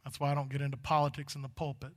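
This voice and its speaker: A man's voice: mid-range voice, monotone, rapid-fire, in a large hall. A male pastor preaching a sermon in a church sanctuary. He talks in a folksy, conversational way that builds to fervent moments.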